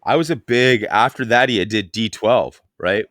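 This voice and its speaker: A podcast host in his thirties, with a lowish, slightly bright voice at a moderate pace, tells stories in loose, casual chat. He swears freely and fills gaps with "like" and "you know." The recording is dry, with clean studio sound.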